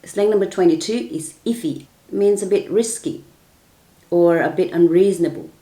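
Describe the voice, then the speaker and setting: A woman's voice: on the low side, normal speed, mellow. A middle-aged woman teaches slang in a casual video and repeats each meaning with an example. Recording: echoey room.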